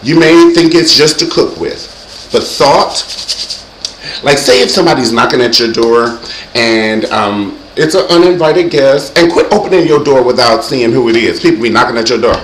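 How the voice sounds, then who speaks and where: A man hosting his own show, giving comedic safety advice in a sassy, animated way and acting out loud yells. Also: mid-range voice, normal speed, echoey room, a little hiss or hum, rough recording. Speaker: vlog host.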